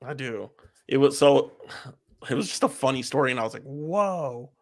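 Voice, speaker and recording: Podcast co-host, man; mid-range voice, lively rambling storyteller. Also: medium pitch, moderate pace. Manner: animated storytelling with many fillers. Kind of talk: casual chat.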